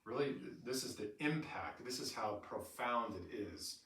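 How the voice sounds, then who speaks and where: A middle-aged man leading a staff training session, telling lively stories and acting out quotes. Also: mid-range voice, unhurried. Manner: animated storyteller who acts out quotes with laughter. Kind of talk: in-service training talk. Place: training room with an audience. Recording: roomy echo from far off, faint noise.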